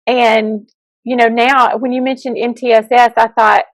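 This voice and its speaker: A woman's voice: a little high, level tone, moderate pace, dry recording, low-quality recording. A woman co-hosting a casual interview over a video call, enthusiastic and teasing, effusive in her praise. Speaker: co-host, school counselor.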